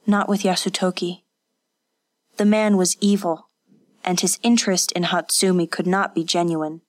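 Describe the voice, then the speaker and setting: A woman narrating an audiobook in a measured, unhurried manner. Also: on the low side, steady tone.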